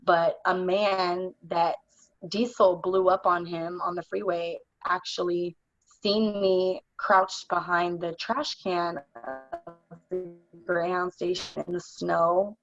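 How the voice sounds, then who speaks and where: A young adult woman telling her own story in conversation, in a halting, earnest way full of "like". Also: on the low side, fairly even intonation, dry recording, faint music behind. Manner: halting, earnest, heavy use of "like". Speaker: interview guest. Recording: dull, dry lo-fi recording.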